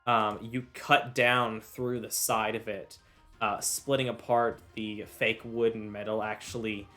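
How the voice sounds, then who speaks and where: A man's voice: fairly low pitch, little pitch movement, unhurried, sharp tone, faint music behind. A man serving as game master, narrating combat and patiently explaining rules between filler uhs. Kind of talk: narrating and refereeing a tabletop game.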